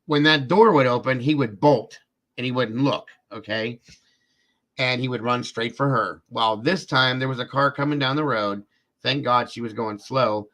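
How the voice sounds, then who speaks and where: A male livestream host in a loose, chatty storytelling mode. He wanders through the story with fillers and repetitions like "this and that," and talks straight to the people watching. His voice sits at an ordinary middle pitch. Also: moderate pace, fairly bright tone. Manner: rambling, repeats himself with fillers like "this and that"; speaks directly to viewers in chat. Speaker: host of a live true-crime show.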